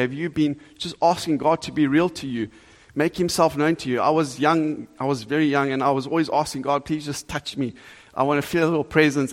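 A man preaching a sermon to a congregation, earnest and animated, asking the listeners direct questions. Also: a little high. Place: church hall before a congregation. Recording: long reverb of a large hall.

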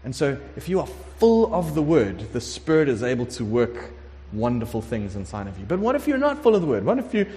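A man preaching a conversational sermon, emphatic and lively, sometimes acting out prayers. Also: medium pitch, fairly quick, hardly any pauses. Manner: conversational, emphatic, acts out prayers in shifting voices. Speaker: pastor. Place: warm room with congregation. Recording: long hall reverb.

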